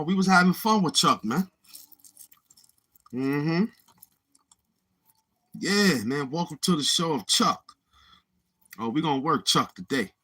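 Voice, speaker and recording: Man, livestream host, husky voice, slow drawl, lively pitch, laughing fits. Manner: breaks into long fits of helpless laughter. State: laughing to tears, short of breath. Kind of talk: casual livestream chat.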